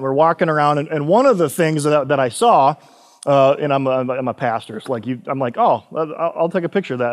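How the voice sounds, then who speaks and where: Chatty pastor in a reverberant hall. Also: male voice, fairly high pitch. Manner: chatty, laughing asides, frequent "right?" tag questions; slows down and lifts his voice for scripture readings. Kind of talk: casual conversational sermon.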